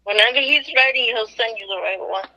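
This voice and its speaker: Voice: mid-range voice, a little fast, bright, forceful tone, low-quality recording. A radio host chatting casually, encouraging and supportive of the guest. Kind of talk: casual radio interview chat.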